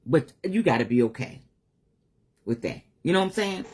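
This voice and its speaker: A woman's voice: a bass voice, animated, normal speed, a little mellow, breathy edge. A middle-aged woman giving a candid, emotional live-stream monologue as a spiritual advisor, swearing casually.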